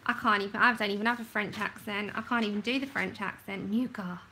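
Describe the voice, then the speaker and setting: A woman's voice: mid-range voice, steady tone, fast, sharp tone, a little hiss or hum, low-quality recording. A woman chatting casually as she hosts a livestream, talking to herself while she works and often laughing at herself. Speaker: livestream host swatching colour pencils.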